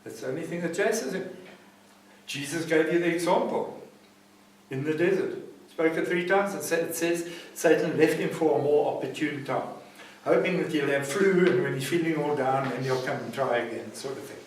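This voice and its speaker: A South African man teaches a class at a recovery centre in an emphatic, preaching style, repeatedly asking "see what I'm saying?" to make sure listeners follow. His voice is on the high side at a moderate pace. The room is very echoey, the mic far off, with slight background noise.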